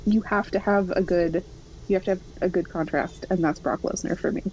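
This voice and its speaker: A woman's voice: lowish voice, steady tone, brisk, a little mellow, muffled recording, slight background noise. A woman co-hosting a casual podcast chat, arguing her point openly and owning up to her bias. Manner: argues her case openly, admits bias. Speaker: podcast co-host.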